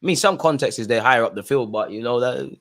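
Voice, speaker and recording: A young man with a mid-range voice talks at a quick pace while hosting a football watch-along livestream. He reads out super chats in an animated, slangy, rambling way full of fillers.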